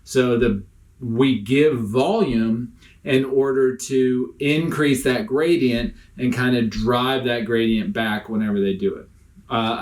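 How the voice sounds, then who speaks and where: A man's voice: mid-range voice, a little mellow. A man explaining critical care medicine in a recorded lecture over slides, casual and explanatory, with frequent fillers.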